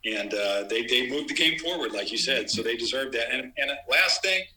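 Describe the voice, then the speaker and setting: A man's voice: mid-range voice, animated, normal speed, bright, forceful tone, poor audio. A middle-aged man, a former sportswriter and guest on an interview show, telling stories casually and animatedly, acting out quotes with many restarts. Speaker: guest, former basketball writer.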